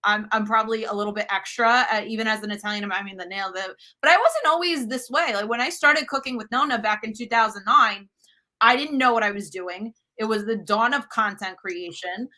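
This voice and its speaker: A woman's voice: on the high side, a little fast, sharp tone. A woman in her thirties, a cooking show host from the United States, talking frankly and emphatically as a guest in a casual interview. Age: 30s.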